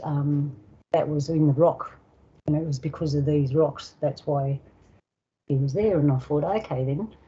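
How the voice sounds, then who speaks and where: Older Australian woman telling a story, low dark voice. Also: husky, dull audio. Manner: unhurried, acts out dialogue and sounds. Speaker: guest elder storyteller. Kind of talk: casual spoken storytelling.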